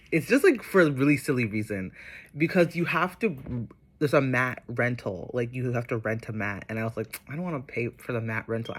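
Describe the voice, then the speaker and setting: A man vlogging casually, telling a personal spiritual story in a chatty, rambling way with many fillers, turning soft and reflective. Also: medium pitch.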